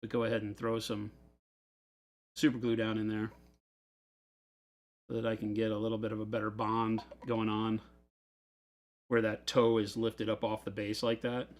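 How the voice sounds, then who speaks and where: A man hosts a hobby store livestream from his office, building models while he chats and rambles through stories. He is talkative and laughs often, speaking at a moderate pace with frequent pauses in a fairly low, monotone voice.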